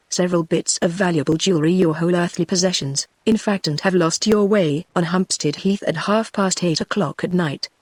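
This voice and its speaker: A synthetic text-to-speech woman's voice with a British accent, reading a novel as scripted narration in a steady tone. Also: lowish voice, dry recording. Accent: British English. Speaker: audiobook narrator.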